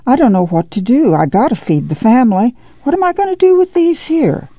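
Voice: medium pitch, moderate pace, creaky, dark tone, dry recording, muffled recording. A reader voicing a weary, careworn mother in a poor migrant family, speaking in a folksy rural dialect. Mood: helpless.

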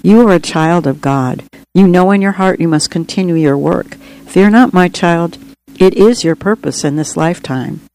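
A woman doing a gentle white dove in a storybook, calm and plain-spoken, wise and unhurried. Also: lowish voice, a little hiss or hum, natural voice, rough recording. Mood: solemn. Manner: calm, matter-of-fact.

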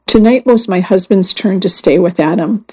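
A woman reading first-person magazine stories aloud as scripted narration, in a measured and earnest way. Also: medium pitch, darkish tone, husky, poor audio. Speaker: magazine story reader.

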